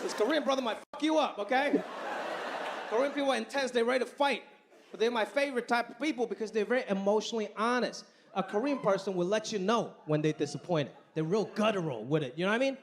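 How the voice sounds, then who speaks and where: A man's voice: high-pitched, fast talker. A man doing a stand-up comedy set in a club, telling stories with a punchy delivery. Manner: animated storytelling, punchy delivery. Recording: live club set with laughing audience.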